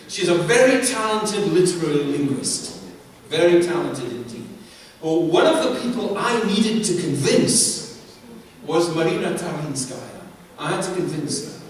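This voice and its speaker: A man giving an academic lecture at a university, animated and asking himself questions before answering them. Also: fairly high pitch, slight background noise. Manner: animated, asks and answers his own questions. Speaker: visiting professor lecturing on authorship. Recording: roomy hall, distant mic, faint ambience.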